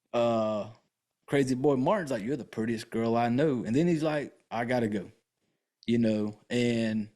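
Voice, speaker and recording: A man's voice: medium pitch, a little mellow. A man hosting a podcast, casually recapping a movie in a loose, profane, rambling way full of fillers. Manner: laid-back, chatty, full of fillers. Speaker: podcast host.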